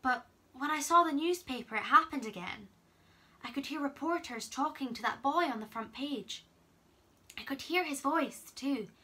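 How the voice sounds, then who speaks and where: A woman's voice: high voice, lively intonation, normal speed, bright, forceful tone, voice pushed up. A woman reading a troubled young boy. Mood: earnest. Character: troubled ten-year-old boy, earnest.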